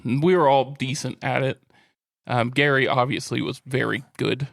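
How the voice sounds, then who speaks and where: A man's voice: mid-range voice, steady tone, normal speed, gravelly. A middle-aged man co-hosting a podcast, bantering easily and laughing often in casual chat. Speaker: podcast co-host.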